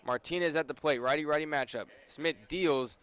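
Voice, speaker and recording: Smooth-voiced young man calling baseball. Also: on the high side, a bit bright. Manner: brisk play-by-play that rises on big plays. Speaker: play-by-play announcer. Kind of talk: radio baseball commentary.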